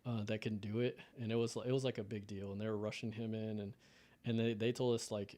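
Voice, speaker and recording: A man's voice: lowish voice, level tone, fairly quick, mellow. A man in his thirties from the United States, telling an emotional personal story in a casual podcast conversation. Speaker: podcast guest.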